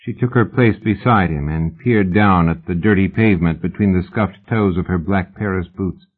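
Male audiobook narrator, steady even reading, lowish voice, tinny phone-like recording. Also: normal speed.

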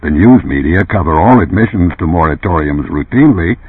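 Husky man narrating an audiobook. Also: low-pitched, brisk, no room sound. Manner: expressive, varied delivery. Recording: tinny phone-like lo-fi sound.

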